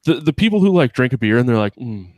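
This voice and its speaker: A man's voice: mid-range voice, sing-song, very fast, no echo, clean studio sound. A man with a Wisconsin accent, a podcast host telling rambling, profane stories in casual chat.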